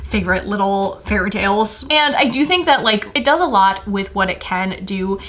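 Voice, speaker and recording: A woman's voice: mid-range voice, animated, moderate pace, fairly bright tone. A woman chatting casually as she reviews films, full of "like" fillers and frequent laughs. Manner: chatty, many "like" fillers, laughs between phrases. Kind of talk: casual film review chat.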